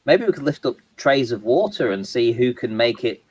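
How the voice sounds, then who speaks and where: Male co-host, casual live-stream chatter, halting, restarts often, mid-pitched voice. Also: very animated, darkish tone, slightly rough, poor audio. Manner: rambling, halting, many restarts and fillers. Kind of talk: casual chat.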